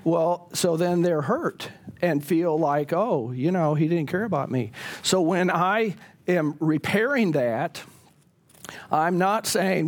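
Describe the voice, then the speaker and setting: Man, pastor, Bible class teacher, high voice, chatty, questions the room. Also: animated, slow. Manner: conversational, asks the class questions.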